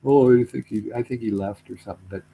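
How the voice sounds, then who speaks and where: A man's voice: lowish voice, quick pace, vocal fry, narrow, tinny audio, slight background noise. A middle-aged man telling a story in casual chat, rambling, repeating himself, trailing off.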